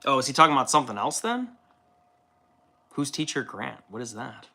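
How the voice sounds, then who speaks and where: Chill streamer guy rambling to chat, bright voice, cusses a lot. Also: mid-range voice, big pitch swings, a little fast, creaky. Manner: rambling, laid-back, swears freely. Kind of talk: casual live-stream chat while painting.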